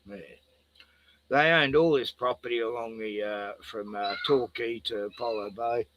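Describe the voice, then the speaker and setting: A man's voice: medium pitch, steady tone, unhurried, a bit bright, muffled recording, slight background noise. A middle-aged man with an Australian accent chatting casually, laughing a lot and breaking off to talk to his pets in a playful singsong. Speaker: vlogger. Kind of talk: casual rambling chat.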